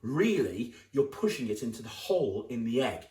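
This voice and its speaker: A man with an English accent, a children's magician, explaining a magic trick to kids in a playful, exaggerated way with bursts of excited shouting. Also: mid-range voice, normal speed. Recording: echoey room, from a distance.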